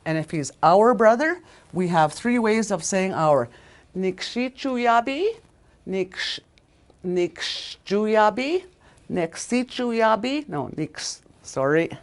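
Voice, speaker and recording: A woman's voice: on the low side, lively intonation, unhurried. A woman teaching a language lesson, repeating each word several times and correcting herself as she goes.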